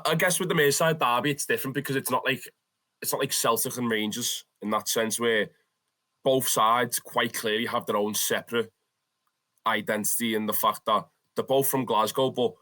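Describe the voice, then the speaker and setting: A young man with a Scouse accent, a football fan telling stories in a casual interview, animated and swearing freely. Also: mid-range voice. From Liverpool, England. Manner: animated, swears freely, calls the listener "lad".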